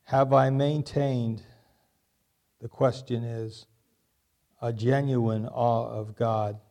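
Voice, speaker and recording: A man's voice: medium pitch, fairly even intonation, slow, vocal fry, dark tone. Man preaching with repeated rhetorical questions. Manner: repeats key lines, asks rhetorical questions. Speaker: pastor. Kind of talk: sermon.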